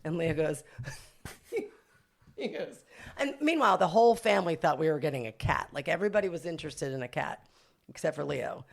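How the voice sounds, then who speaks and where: A woman's voice: deep voice, lively intonation, normal speed, creaky. A middle-aged woman, a boutique owner and podcast guest, telling stories in a chatty, self-mocking way and laughing often. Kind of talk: casual interview storytelling.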